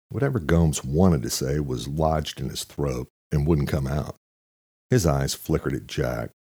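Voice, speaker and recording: A man narrating an audiobook thriller chapter in a steady, even storytelling manner. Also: very deep voice, gravelly, breathy edge, dry recording, studio quality. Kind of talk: scripted narration.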